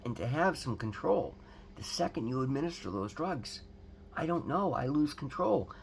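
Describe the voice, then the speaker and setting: Gravelly-voiced man, candid recovery testimony, earnest with frequent restarts, faint room hiss. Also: medium pitch, sing-song, normal speed. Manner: earnest, repetitive restarts, addresses viewers as guys. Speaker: recovery vlogger. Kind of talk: candid personal testimony to camera. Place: at home.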